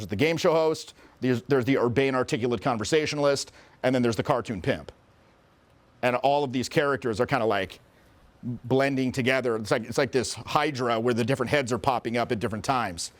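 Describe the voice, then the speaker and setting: A middle-aged man, a social skills coach, telling stories in a casual interview with an animated, profane delivery. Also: mid-range voice. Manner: profane, animated, acts out quoted voices.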